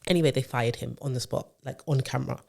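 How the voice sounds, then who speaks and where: A co-host, chatting casually on a podcast. The talk rambles through a long story, stacked with fillers and self-corrections, at an ordinary middle pitch. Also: fairly even intonation, fast talker, gravelly, a little mellow. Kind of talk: casual chat.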